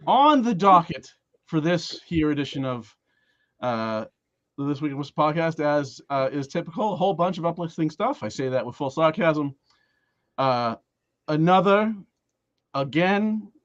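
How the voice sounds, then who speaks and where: A man hosts a casual local podcast, stopping and restarting his sentences with plenty of fillers. His voice sits at an ordinary middle pitch. The recording is dry and a little dull, with a lo-fi sound. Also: dry recording. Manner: rambling, halting, many fillers and restarts. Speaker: podcast host.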